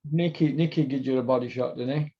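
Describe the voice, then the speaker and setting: A man's voice: mid-range voice, steady tone, fast. A middle-aged man from Doncaster with a South Yorkshire accent, rambling through sweary, laughing stories as a podcast host. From Doncaster, England. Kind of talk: casual storytelling chat. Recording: dull lo-fi sound.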